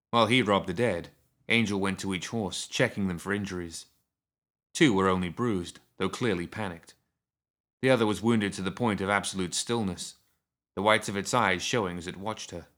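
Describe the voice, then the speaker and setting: A man reading a story aloud as narrator, in a steady, measured way. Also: deep voice.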